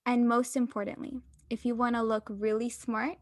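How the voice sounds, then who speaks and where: A young woman co-hosts a chatty podcast, talking in an upbeat, explanatory way with an easy laugh. Her voice sits fairly high, and the recording is close and dry. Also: level tone, moderate pace, no echo. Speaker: podcast co-host. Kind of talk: casual chat.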